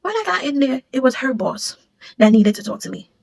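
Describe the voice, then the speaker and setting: Fast-talking gravelly woman telling a storytime. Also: high-pitched. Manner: rapid, animated retelling, acting out what others said. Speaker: former security supervisor telling a storytime. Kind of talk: casual storytime vlog.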